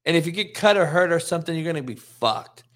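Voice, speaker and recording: A middle-aged man hosting his show, telling a profane, animated story in a casual monologue. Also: fairly high pitch, brisk. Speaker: host.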